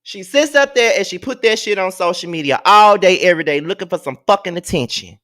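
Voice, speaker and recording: A man's voice: high voice, fairly quick, sharp tone. A man hosting a gossip commentary show, ranting in a blunt, slangy, exasperated way. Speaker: host. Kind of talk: casual commentary rant.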